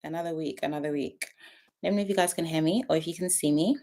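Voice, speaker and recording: A woman's voice: sits low, fast talker, mellow. A woman, chatting casually on a home livestream and greeting viewers by name. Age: 20s. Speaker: YouTube livestream host. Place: at home, her sister's house.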